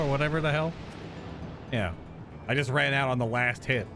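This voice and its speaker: A man's voice: medium pitch, moderate pace, long pauses, music in the background. A man streaming a video game, giving a casual, rambling reaction commentary as he plays and laughing often.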